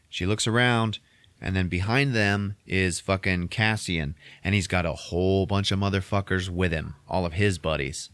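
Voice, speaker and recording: A man casually recapping a movie on a podcast, swearing constantly and acting out the characters in quick voices. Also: low voice, steady tone, fairly bright tone, no echo.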